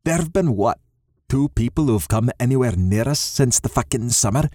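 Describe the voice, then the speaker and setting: A man's voice: mid-range voice, animated, normal speed, warm tone, no echo, clean studio sound, natural voice. A man voicing a blunt, swearing young clansman, the middle brother. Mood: scoffing.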